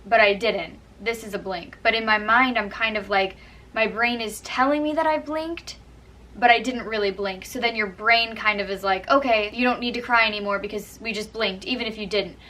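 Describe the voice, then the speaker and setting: Bright-voiced young woman giving tips. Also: medium pitch, steady tone, normal speed, far from the mic, poor audio. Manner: chatty, earnest, frequent "like" and "kind of". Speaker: vlogger giving acting tips. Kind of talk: casual how-to talk to camera.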